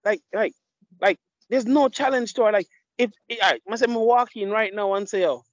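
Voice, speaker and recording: A man's voice: sits high, moderate pace, no echo. A man hosting a podcast, telling blunt, profane stories in casual chat. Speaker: podcast host. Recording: dull lo-fi mic.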